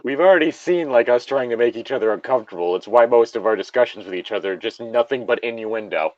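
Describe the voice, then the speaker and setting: A man's voice: medium pitch, fast, darkish tone, no echo, dull audio. A man reading a story aloud and trading crude jokes, laughing often. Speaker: story reader and co-host. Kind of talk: casual banter and story reading.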